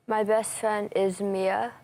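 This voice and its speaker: A woman's voice: mid-range voice, flat delivery, takes it slowly, a little mellow. A young woman athlete answering interview questions in short, plain sentences. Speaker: athlete guest.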